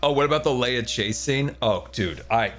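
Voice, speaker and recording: A man's voice: mid-range voice, moderate pace, fairly bright tone, soft background music. A man streaming casually, ranting animatedly and joking with his viewers.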